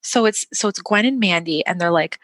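Lively woman recapping a movie. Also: on the low side, brisk, dry recording. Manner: animated storyteller, acts out lines in mocking voices. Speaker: podcast co-host. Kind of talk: casual movie recap chat.

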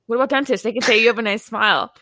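A woman with a bright, forward voice chats on a podcast. She is animated and swears freely, slipping into quoted lines from films and shows. She sits close to the mic in a dry room. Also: on the high side, very fast, no room sound. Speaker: podcast co-host. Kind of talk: casual chat.

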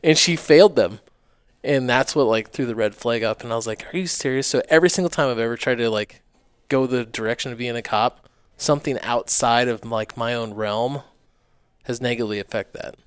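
Man in his 30s, guest, smooth resonant voice, dry close sound; lively profane storyteller. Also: medium pitch, brisk, no room sound. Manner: animated, profane, quotes himself and others. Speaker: guest, barber and business owner. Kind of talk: casual storytelling in conversation.

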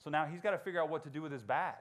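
A man in his forties telling personal stories to a young audience in a casual, animated way. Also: rapid-fire. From Georgia. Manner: animated, acts out dialogue in high voices. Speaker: motivational speaker. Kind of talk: storytelling talk to students.

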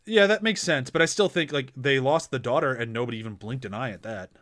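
Man, mid-pitched voice, dry close sound, relaxed agreeable podcast chat. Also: fast talker, no echo. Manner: relaxed, agreeable, laughs often. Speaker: podcast co-host. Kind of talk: casual chat about a TV series.

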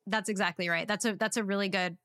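A woman's voice: mid-range voice, steady tone, fast, sharp tone, dry recording, clean studio sound. Chatty woman reviewing a movie. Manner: chatty, frequent "like" fillers. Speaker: podcast co-host. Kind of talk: casual film review chat.

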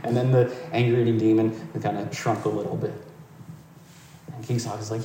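Gentle man giving a talk in an echoey hall. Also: on the low side, level tone, normal speed, a little hiss or hum. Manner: gentle, reflective, conversational. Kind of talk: dharma talk with storytelling. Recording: roomy hall, distant mic.

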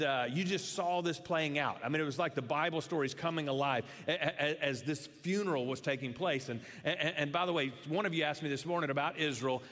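A middle-aged man preaching a sermon as pastor, in a lively, conversational way with frequent restarts. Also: a little high, long reverb tail.

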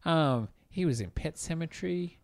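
A man's voice: on the high side, lively intonation, normal speed, vocal fry, dry recording, studio quality. A man, co-hosting a casual film podcast and talking with eager enthusiasm and many fillers. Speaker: podcast co-host.

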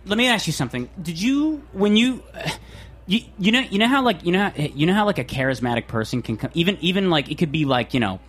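An American man hosting a radio talk show, talking excitedly in casual chat with frequent stammering restarts. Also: high voice, quick pace.

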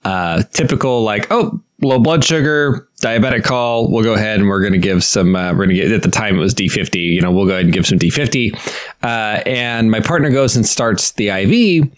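A man's voice: lowish voice, brisk. A man in his thirties co-hosting a casual podcast, venting with exasperated sarcasm and bursts of laughter. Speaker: podcast co-host. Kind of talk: casual chat.

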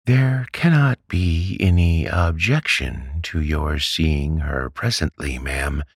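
A man voicing a timid, mild male doctor who speaks meekly and softly, for a storybook reading. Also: extremely low pitch, expressive, slow pace, slightly rough, dry recording, studio quality, voice pushed up, full character voice. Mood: meek soothing. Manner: meek and soft-spoken. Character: meek, timid male country doctor, mild and soft-spoken.

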